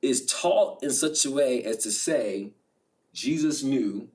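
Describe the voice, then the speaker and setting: A man, a spiritual advisor guest, retelling a story in a lively, slangy way with laughs. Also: mid-range voice, takes it slowly, recorded from a distance. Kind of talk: animated storytelling in casual chat.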